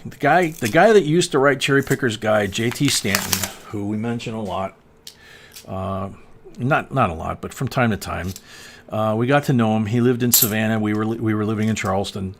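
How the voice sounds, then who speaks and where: A man in his sixties with a gravelly, fry-edged voice, casually chatting as host of a coin-searching livestream. He rambles, chuckles and fills gaps with "um". A faint hiss sits beneath him. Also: fairly low pitch. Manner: rambling, chuckling, many fillers.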